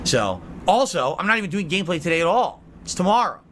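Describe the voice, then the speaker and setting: A male streamer hosts his podcast live and chats casually with viewers. His voice sits a bit high and swings widely in pitch, and he answers comments bluntly and sarcastically. A faint hiss of noise sits under the recording. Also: very animated, fast.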